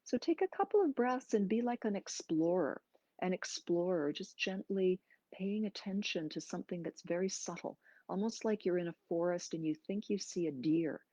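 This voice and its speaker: A woman yoga teacher talks a class through its breathing, slow and gentle, leaving pauses between her instructions. Her voice is mellow and a little low. The recording is dry and slightly dull, with a lo-fi edge. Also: lively intonation, no echo. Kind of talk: guided breathing and movement class.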